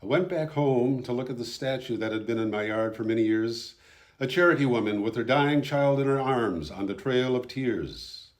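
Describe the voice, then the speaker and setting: A man narrating his own documentary footage in a calm, measured, subdued voice-over. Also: mid-range voice.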